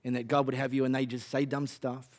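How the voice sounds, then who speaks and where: A man's voice: medium pitch, flat delivery, quick pace. A man with an Australian accent preaching a sermon in a conversational, punchy way with wry humor. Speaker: pastor.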